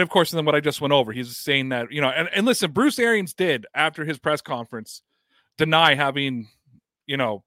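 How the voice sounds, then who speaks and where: A man's voice: on the high side, no echo, studio quality. A man hosting a sports podcast, chatting casually about football news, reading statements aloud and asking rhetorical questions. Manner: animated, reads quotes aloud, rhetorical questions.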